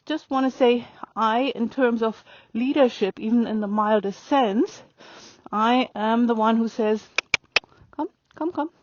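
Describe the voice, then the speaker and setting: Woman narrating a riding lesson, calm and reflective, fairly high voice, dry dull lo-fi sound. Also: a little slow, no room sound. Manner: calm, reflective, speaks softly to the horse. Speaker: riding instructor.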